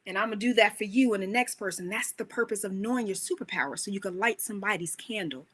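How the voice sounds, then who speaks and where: A woman coach giving an animated, emphatic motivational talk, full of rhetorical questions. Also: mid-range voice, fast.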